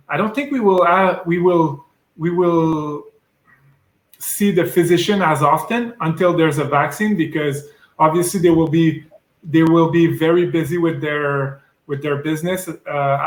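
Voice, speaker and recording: A man with a French accent, a sales rep as guest, talking things through in a halting, easygoing way over a video call. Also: on the high side. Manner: thinks aloud, halting and easygoing. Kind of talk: casual interview chat. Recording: roomy echo.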